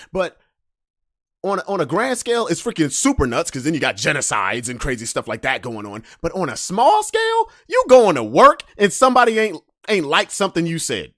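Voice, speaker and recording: Guy ranting on his podcast, voice jumps all over the place, loud then mumbly, real dry mic. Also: normal speed, no echo. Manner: animated, ranting, swings between loud emphasis and low mutters. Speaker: podcast host. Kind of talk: casual monologue rant.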